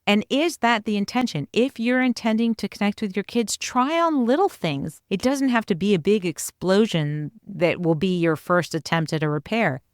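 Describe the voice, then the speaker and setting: A woman's voice: mid-range voice, normal speed, few pauses, no room sound, clean studio sound. Earnest woman encouraging parents. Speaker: podcast co-host, parenting coach. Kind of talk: casual conversational explanation.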